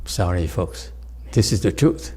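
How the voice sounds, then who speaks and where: A man with a husky voice gives a relaxed dharma talk as a Buddhist teacher. He jokes, laughs often and calls out to his listeners, and his pitch leaps up and down. He takes his time, speaking slowly. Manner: jokey, laughs often, talks straight to listeners. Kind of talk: informal dharma talk with storytelling.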